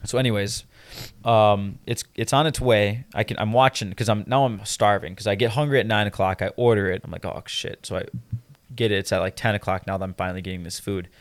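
Low-voiced man telling a profane story. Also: fairly even intonation, quick pace, dry recording. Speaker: podcast co-host. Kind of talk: casual chat.

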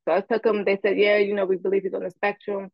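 Woman co-host, hoarse from illness, matter-of-fact, muffled dry recording. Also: medium pitch, little pitch movement, fast, dry recording. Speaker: podcast co-host. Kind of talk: casual podcast chat.

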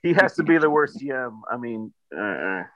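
A man's voice: mid-range voice, very animated, normal speed, fairly bright tone, no room sound, highs cut off. A man co-hosting casual sports talk, playful and bantering. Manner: playful, mock-negotiating banter.

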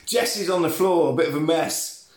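A man's voice: a little high, moderate pace, reverberant. A man recapping a film plot in casual comedic chat, swearing and laughing as he mimics the characters. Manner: sweary, laughing, retells scenes with quoted voices. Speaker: podcast co-host recapping a film.

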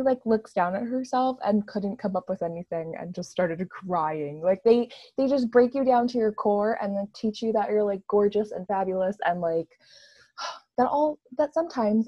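A woman's voice: medium pitch, normal speed, mellow, dry recording, lo-fi sound. A woman chatting casually and gushing enthusiastically, with lots of "like" fillers. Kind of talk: casual chat.

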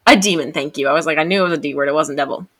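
A young woman co-hosting a podcast, telling a story in an animated, excitable way. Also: sits low, rapid-fire, crowd noise. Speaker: podcast co-host. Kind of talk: casual chat.

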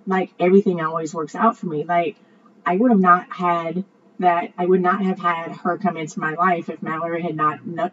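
A woman earnestly telling a long personal story in an emotional monologue, rambling and repeating her words. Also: fairly low pitch. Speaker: vlogger sharing a personal story. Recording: dull lo-fi audio with faint ambient noise.

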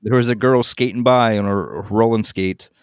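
Laid-back low-voiced filmmaker telling set stories. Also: male voice, moderate pace, smooth, no room sound, clean studio sound. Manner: relaxed anecdotes, frequent ums and laughter. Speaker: filmmaker guest. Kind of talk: casual podcast storytelling.

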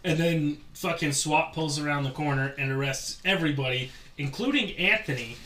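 A man's voice: fairly high pitch, moderate pace, fairly bright tone. A man teasing a friend with a rambling imagined scenario, full of fillers. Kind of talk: casual chat. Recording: roomy, distant mic with faint noise.

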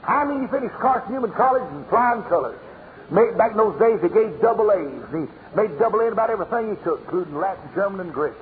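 Fiery high-voiced Southern evangelist. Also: male voice, animated, quick pace. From Tennessee, USA. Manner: fiery storytelling preacher, rising to shouts. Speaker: evangelist preacher. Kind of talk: revival sermon. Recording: muffled phone-like old tape in a reverberant hall, faint hiss.

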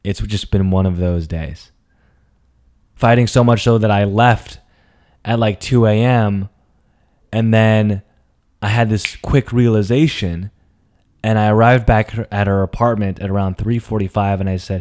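A man's voice: fairly low pitch, steady tone, a little slow, long pauses. Dramatic young man telling a story. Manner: dramatic, swings between hushed and emphatic, profane. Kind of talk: personal storytelling monologue.

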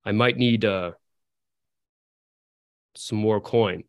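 A man doing a quiet cloaked agent. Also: steady tone, very slow, clean tone, no echo, clean studio sound. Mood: scheming. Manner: low, quiet, hesitant. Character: cloaked hired agent, wary and low-key.

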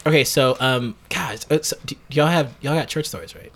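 A man hosting a podcast from South Carolina, chatting casually with friends, animated and laughing often. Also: medium pitch, fairly quick. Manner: animated, laughing, slips into playful quoted voices. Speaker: podcast host.

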